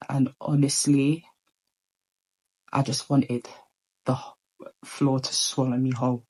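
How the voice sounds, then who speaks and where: A woman's voice: very deep voice, fairly even intonation, slow, pauses often, darkish tone, low-quality recording. A woman telling a personal story in a casual storytime monologue, rambling with many ums and restarts.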